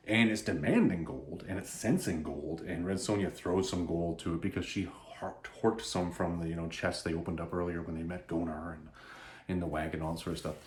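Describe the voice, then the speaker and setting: A man casually recapping a comic book, animated and rambling, often restarting his sentences. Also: deep voice. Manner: animated, rambling, self-interrupting. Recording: roomy echo.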